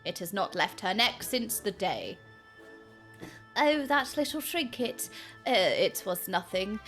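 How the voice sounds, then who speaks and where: A woman voicing a stuffy older male merchant, a pompous father, speaking slowly and gruffly in a low voice, as she reads game dialogue aloud. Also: very animated, a bit bright, faint music behind.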